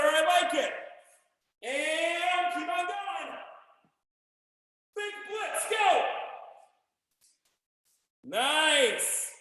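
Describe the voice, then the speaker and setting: Shouting martial arts instructor in an echoey hall. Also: male voice, very high voice, takes it slowly, long pauses. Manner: energetic, shouting counted drill commands. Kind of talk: live online class instruction. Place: martial arts studio, indoors. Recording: echoey room with long reverb.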